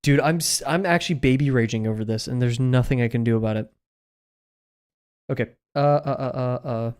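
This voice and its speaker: A man's voice: mid-range voice, a little fast, darkish tone, clean tone. A man chatting casually on a live stream while he draws, rambling through asides with lots of filler words. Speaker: drawing streamer.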